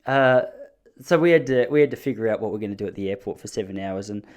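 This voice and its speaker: A man's voice: lowish voice, quick pace, darkish tone, clear, resonant tone. Rambling, self-mocking male podcast host. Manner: rambling, self-deprecating, jokey, with frequent restarts. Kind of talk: casual solo storytelling.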